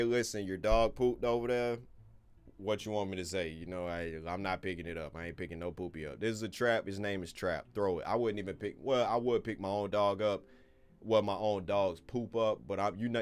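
Man, gameplay commentary, low voice, faint hiss behind. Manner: loose, rambling, swears casually, talks to viewers. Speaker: gaming YouTuber.

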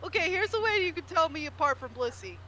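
Giggly woman streamer chatting w friends, high voice bouncing all over, lots of noise behind her. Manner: animated and giggly, quick to joke. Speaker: stream host. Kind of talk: casual group chat on a stream. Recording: noisy background.

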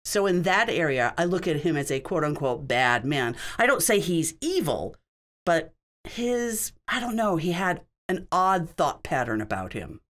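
Voicing a signed Q&A session, this sign language interpreter has a low, slightly bright voice with big pitch swings and an unhurried pace. She speaks in brief phrases, conversational and explanatory.

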